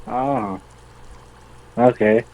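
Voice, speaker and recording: A man calling in to an advice show, telling his story in a halting, deadpan way. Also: mid-range voice, narrow, tinny audio, crowd noise. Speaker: caller. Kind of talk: prank call-in chat.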